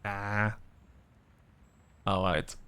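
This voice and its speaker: A man's voice: on the low side, level tone, very slow, pushed and bright, smooth. A man casually commenting on a cozy game while streaming, chatty and laughing, his voice sounding tired. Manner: chatty, laughing, swears offhandedly. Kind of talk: casual let's-play commentary.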